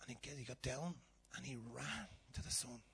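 A middle-aged man preaches in a husky voice. He tells animated stories, acts out the voices of the people in them and drops to a hushed whisper at times. His pitch sits in an ordinary middle range. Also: moderate pace. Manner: animated storytelling, acting out voices, dropping to whispers. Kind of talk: sermon.

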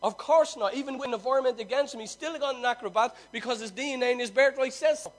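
Male preacher, high voice, storytelling sermon, loud then hushed. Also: quick pace. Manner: swings from loud emphasis to near-hushed telling.

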